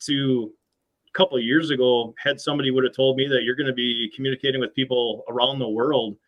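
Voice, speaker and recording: A middle-aged American machine shop owner speaks as an interview guest in a casual chat, sounding earnest but hesitant and often restarting his sentences. His voice is medium-pitched with fairly even intonation, he talks quickly, and the recording is lo-fi.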